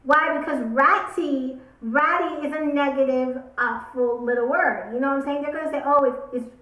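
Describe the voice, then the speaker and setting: A woman's voice: high voice, moderate pace, fairly bright tone. A young woman in her twenties, a beauty vlogger, speaking emphatically and opinionated to camera, repeating words for stress. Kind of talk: casual talk to camera. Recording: roomy echo.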